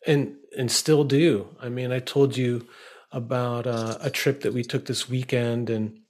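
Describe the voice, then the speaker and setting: Man, candid reflective talk, hesitant phrasing, average pitch. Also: fairly even intonation, a little slow, a little mellow. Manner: candid, searching, many fillers and restarts. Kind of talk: reflective conversation.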